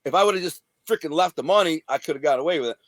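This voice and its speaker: Brief: streetwise man, slightly high voice, dry close sound, profane storyteller. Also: very fast, no echo. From Detroit area, USA. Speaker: interview guest. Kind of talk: storytelling about his past.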